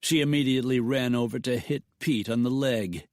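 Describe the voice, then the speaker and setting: A man narrating a western novel in a steady, measured voice. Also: mid-range voice, dry recording, studio quality. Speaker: audiobook narrator.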